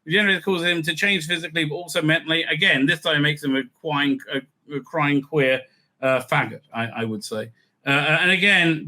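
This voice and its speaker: A man's voice: a little high, pushed and bright. A man reading an article aloud and breaking in with sarcastic, scornful, profane asides. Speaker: online commentator.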